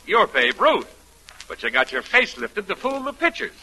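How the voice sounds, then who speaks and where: An actor playing a gruff, sarcastic middle-aged baseball manager who also narrates, in 1940s radio acting. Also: male voice, extremely high pitch, big pitch swings, normal speed, bright, forceful tone, full character voice, low-quality recording. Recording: old radio broadcast with music.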